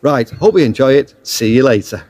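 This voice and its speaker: A man's voice: mid-range voice, expressive, moderate pace, darkish tone. A man grumbling humorously about pub habits in a casual monologue, recorded in a pub. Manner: chatty, grumbling, dry humour. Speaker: pub vlogger. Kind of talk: casual comic monologue to camera.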